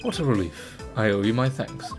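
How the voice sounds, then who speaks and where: A man voicing a proud, formal young prosecutor, measured and dignified, slightly lower than his usual voice. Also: big pitch swings. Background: game music.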